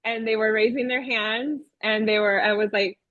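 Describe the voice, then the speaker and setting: A woman kindergarten teacher telling a classroom story in casual conversation, animated and playful, laughing as she talks. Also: a little high, moderate pace, no echo, muffled recording.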